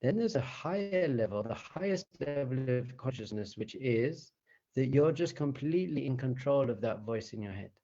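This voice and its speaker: At a normal speed and medium pitch, a rabbi teaches meditation conversationally and with animation. He chuckles often and throws rhetorical questions to those listening, in lo-fi sound.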